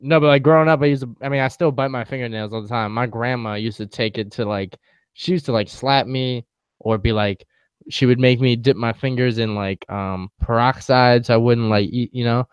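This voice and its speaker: Young male co-host, relaxed storyteller, laughs easily; smooth tone on a slightly muffled, lo-fi mic. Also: medium pitch, fairly quick, dry recording. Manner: laid-back storyteller, slangy, laughs often. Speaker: podcast co-host. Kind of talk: casual chat.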